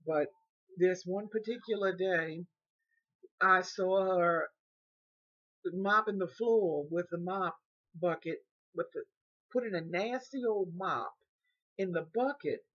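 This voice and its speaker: Husky older woman telling her story. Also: on the low side, slow pace, long pauses, a bit bright, lo-fi sound. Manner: repeats words and restarts, acts out quoted speech. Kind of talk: personal storytelling.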